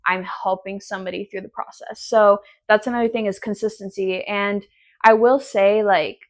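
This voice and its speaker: A woman's voice: mid-range voice, steady tone, moderate pace. A woman in her twenties hosting a casual solo podcast from home, sassy, profane and rambling. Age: 20s. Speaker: podcast host.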